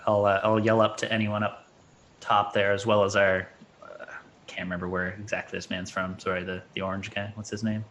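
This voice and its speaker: Low-ish voiced guy, wry and joking, playing a tabletop game. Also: flat delivery, a little fast, fairly bright tone. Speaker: player.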